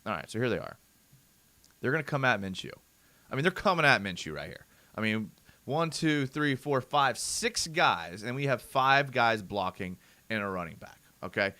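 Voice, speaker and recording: Animated young man ranting. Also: medium pitch, normal speed. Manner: animated, ranting, addresses viewers as bro. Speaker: host of a fan live show. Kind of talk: live-stream film breakdown with chat reading.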